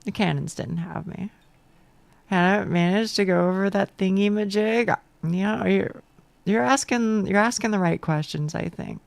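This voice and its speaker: A woman's voice: medium pitch, moderate pace, gravelly, no echo. A young woman streaming a game from home on a close mic, chatting casually with chat, self-deprecating, stammering and swearing.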